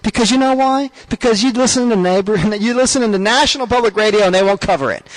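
A man's voice: high voice, fast talker. A man hosting a show, delivering a rambling, stammering, indignant comic rant. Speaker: radio show host. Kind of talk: comic ranting monologue.

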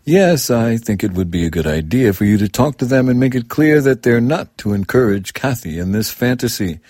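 A man's voice: mid-range voice, expressive, normal speed, darkish tone, no room sound, clean studio sound, voice pushed up, close to an everyday voice. A man voicing a prim, concerned female schoolteacher in a storybook reading, speaking in a polite, fussy manner. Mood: firm. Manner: polite, fussy, lightly raised voice.

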